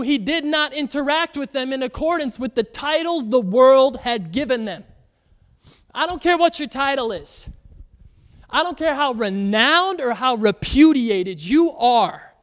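Young guy pastor, really high voice, super chatty sermon, lots of "like" and "y'all". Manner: chatty and animated, says "like" and "y'all" often, acts out Bible voices. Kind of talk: casual conversational sermon.

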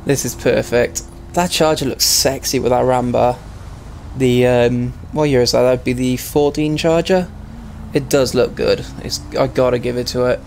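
A man with a hoarse, strained voice, chatting casually while streaming a game role-play. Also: mid-range voice, steady tone, normal speed, darkish tone, slight background noise. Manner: chatty, laughs at himself.

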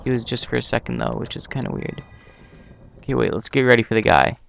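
A young man hosting a gaming channel, giving casual, excitable commentary on his own gameplay with yelps and laughs. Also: mid-range voice, quick pace, vocal fry.

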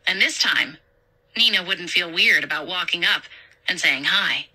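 A woman reading a story aloud as an audiobook narrator in a slow, deliberate manner. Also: lowish voice, pushed and bright, rough recording. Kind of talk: scripted narration.

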